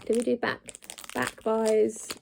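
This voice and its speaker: A woman's voice: on the high side, completely flat delivery, slow, gravelly, darkish tone, slight background noise. A woman rambling in a casual vlog chat, stuffy-nosed from hay fever, with frequent ums and restarts. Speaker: vlogger.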